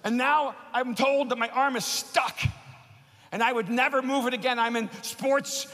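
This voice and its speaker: High, bright-voiced impassioned male preacher. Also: fairly even intonation, normal speed. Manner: impassioned, building to shouts. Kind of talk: sermon with personal story. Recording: long hall reverb.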